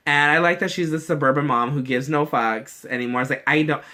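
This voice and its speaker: A man's voice: fairly high pitch, fairly quick, bright, forceful tone. A young man chatting casually in a vlog, gushing and swearing freely as he acts out quoted lines. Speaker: vlogger reacting to a movie trailer. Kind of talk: casual chat.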